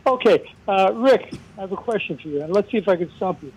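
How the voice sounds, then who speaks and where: Regular radio caller, New man, pitched high, playful quizzer. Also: animated, a little fast, slightly rough, low-quality recording. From South Bronx, New York. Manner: joking, quizzing the expert. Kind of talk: radio call-in chat.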